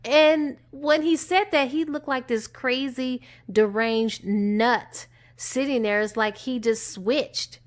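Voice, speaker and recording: A woman giving a casual, animated movie recap in a chatty storytelling manner. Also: fairly high pitch, slow pace. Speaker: movie reviewer on her channel.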